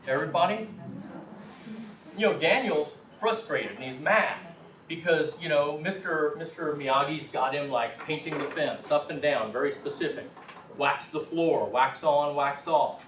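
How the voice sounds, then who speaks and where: A man's voice: mid-range voice, a bit bright, recorded from a distance, a little hiss or hum. Man teaching a class, echoey room. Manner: chatty, encouraging, tells anecdotes. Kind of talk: informal classroom talk.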